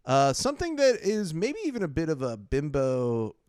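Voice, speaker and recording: Male podcast host, sarcastic comic chat; slightly high, smooth tone. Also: huge pitch swings, normal speed, darkish tone, no room sound. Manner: sarcastic, joking, laughs often. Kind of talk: casual comedy chat.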